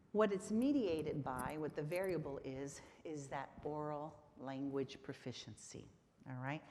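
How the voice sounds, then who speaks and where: A woman giving a conference lecture on literacy teaching, engaging the audience with frequent "right?" checks. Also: sits low. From Texas. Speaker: conference presenter on literacy instruction. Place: conference hall. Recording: reverberant hall.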